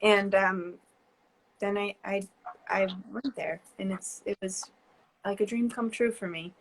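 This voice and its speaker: Her mid-range voice holds a steady tone over a low-quality recording with a little hiss or hum. She's a guest artist in her twenties from New Jersey, USA, with the local accent, and her casual video-call chat is rambling and hesitant, packed with fillers and quick laughs.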